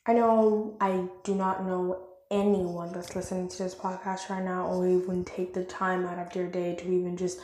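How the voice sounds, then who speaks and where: A woman's voice: fairly low pitch, level tone, moderate pace, dark tone. A young woman hosting a casual solo podcast, rambling and self-deprecating, recorded on a phone with wired headphones. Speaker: podcast host. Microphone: phone voice recorder app with wired headphones.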